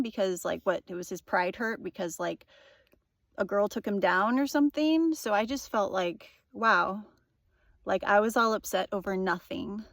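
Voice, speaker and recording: A woman's voice: medium pitch, lively intonation, moderate pace, gravelly, a bit bright, no echo, clean studio sound. A young woman telling a personal story in a casual, rambling monologue, full of fillers and swearing. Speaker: vlogger.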